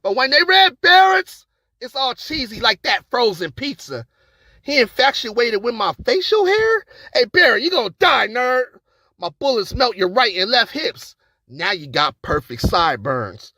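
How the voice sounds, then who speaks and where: A man's voice: very high-pitched, sing-song, unhurried, sharp tone, no room sound. A man performing a battle rap verse with an aggressive, taunting delivery. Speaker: battle rapper.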